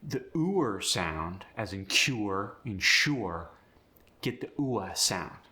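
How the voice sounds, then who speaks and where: Unhurried male accent coach. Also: fairly low pitch, lively intonation, sharp tone. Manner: explains sounds step by step, then reads an example sentence. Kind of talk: accent tutorial.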